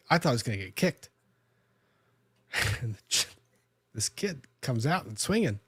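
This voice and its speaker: A man's voice: mid-range voice, big pitch swings, normal speed, long pauses, fairly bright tone, slightly rough, no echo, clean studio sound. A man, a lawyer hosting a podcast, telling a story in a casual, conversational way with frequent restarts and self-corrections.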